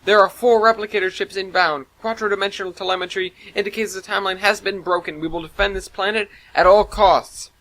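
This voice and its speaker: A man's voice: sits high, fairly even intonation, fairly quick, hardly any pauses, sharp tone, voice pushed up, poor audio. A man voicing a formal female ship computer AI that issues clipped orders. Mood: commanding. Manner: clipped announcements.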